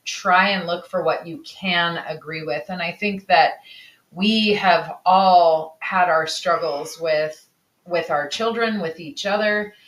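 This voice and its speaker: A woman's voice: fairly low pitch, takes it slowly, a bit bright. A woman co-hosting a casual podcast about parenting, talking in a candid, reflective way. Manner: reflective, candid, sometimes swears. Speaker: podcast co-host. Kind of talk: casual conversation. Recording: echoey room.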